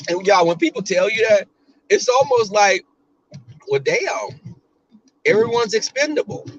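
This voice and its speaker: A man's voice: sits high, sing-song, takes it slowly, pauses often, highs cut off. A man giving blunt, profane casual commentary on a livestream, often mimicking other people.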